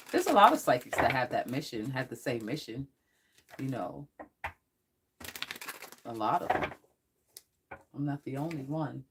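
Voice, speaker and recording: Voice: medium pitch, slight background noise. A psychic tarot reader talks casually to a live-stream audience in a mid-range voice. The talk rambles and often breaks into laughter. It turns blunt and threatening toward anyone making trouble in the chat.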